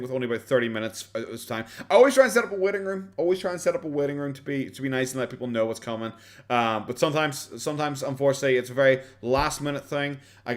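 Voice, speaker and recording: An Irish man chatting casually on a live stream while reacting to videos. He rambles, swears and laughs often, and keeps his voice down. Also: mid-range voice. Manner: kept quiet, not loud.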